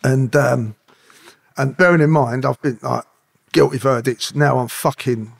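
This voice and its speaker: A man's voice: medium pitch, a little slow, gravelly. A middle-aged man, a podcast guest and former police officer who tells stories profanely, swearing constantly and acting out the dialogue. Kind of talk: profane anecdotal storytelling.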